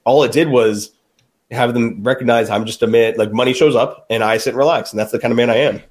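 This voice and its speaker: A man talks fast and with plenty of energy in a casual panel chat. He tells stories about fathers and acts out what they say. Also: mid-range voice. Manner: energetic, tells stories of dads with acted-out quotes.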